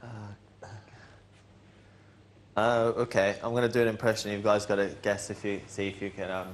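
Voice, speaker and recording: A man's voice: on the low side, moderate pace, a little hiss or hum. Chatty young man. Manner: rambling, animated storytelling with restarts. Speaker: reality show housemate. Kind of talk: casual chat.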